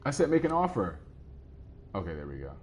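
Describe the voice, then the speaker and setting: A man with a deep, low voice chatting his way through a live game stream. He is relaxed and rambling, answering viewers' comments as they come in. A faint hiss sits behind him. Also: a little fast. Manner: easygoing and rambling, answering chat as he plays.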